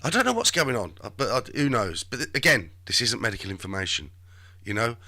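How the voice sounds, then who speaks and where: Man, live stream host, rambling chatty commentary, very bright tense tone, lively pitch. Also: fast. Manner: chatty, talks to himself while searching.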